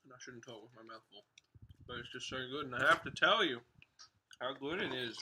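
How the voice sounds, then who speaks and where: A man's voice: mid-range voice, brisk, pushed and bright, poor audio. A man chatting casually to his viewers and his dog while painting on a livestream. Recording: clicking noise behind the voice.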